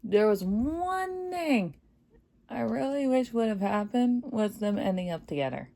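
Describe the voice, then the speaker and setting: A woman giving a casual, excited movie review, chatty and full of fillers, laughing often. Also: on the high side, measured pace, creaky. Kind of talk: casual spoiler review vlog.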